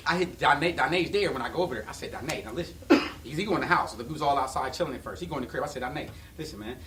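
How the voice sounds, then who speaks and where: Fast, high-voiced man telling a story. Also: slight background noise. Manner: animated, laughs and shouts while telling stories. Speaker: podcast guest. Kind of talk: casual storytelling. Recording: roomy, distant mic with faint ambience.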